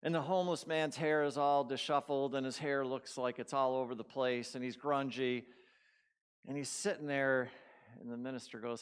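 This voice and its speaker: A man's voice: medium pitch, steady tone, normal speed, clean tone. A man giving a sermon in a church, telling a story conversationally and putting questions to the congregation. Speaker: guest speaker at a spiritual community.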